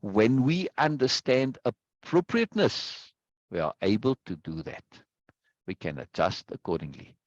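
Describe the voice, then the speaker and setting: Leading a book discussion in an online class over a video call, a male teacher explains patiently, drawing out words to stress syllables and often checking in with "right?". His mid-range voice is sing-song and unhurried, with dull audio and no room sound.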